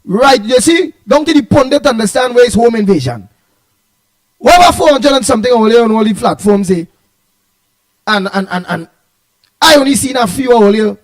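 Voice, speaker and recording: A Trinidadian man hosts a live stream in a high, bright-pitched voice. He rambles and repeats himself, stumbling over words, and teases the viewers in loose, playful chat. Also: animated, moderate pace. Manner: playful, teasing banter. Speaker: host of an online talk show.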